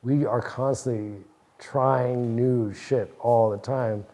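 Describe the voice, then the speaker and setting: A man's voice: mid-range voice, fairly even intonation, takes it slowly, mellow. Man, 40s, from New Jersey. Interview guest: loose, rambling, swears a lot, laughs easily. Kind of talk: casual chat.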